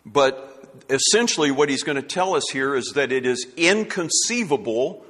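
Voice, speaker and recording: A man's voice: medium pitch, animated, moderate pace, a bit bright, breathy edge. A male pastor giving a sermon in an earnest, emphatic way, often restarting phrases as he builds a point. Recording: long hall reverb.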